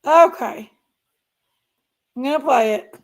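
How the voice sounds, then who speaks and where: Lady doing true crime chat, kinda high voice, slow and draggy, talks right to the viewers. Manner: chatty, addresses viewers directly, trails off and repeats herself. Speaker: true crime channel host. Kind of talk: casual livestream commentary.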